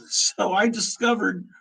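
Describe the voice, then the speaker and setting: A man's voice: sits high, fairly even intonation, slow, a bit bright, low-quality recording. A man in his fifties hosting a casual live-stream chat, rambling and opinionated, chuckling as he reminisces. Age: 50s. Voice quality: husky. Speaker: show host.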